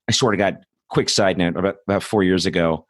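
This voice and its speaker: Blunt, low-voiced man ranting. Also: steady tone, brisk, no room sound, studio quality. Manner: blunt, profane, rambling with asides and mocking quotes. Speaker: host. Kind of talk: political commentary monologue.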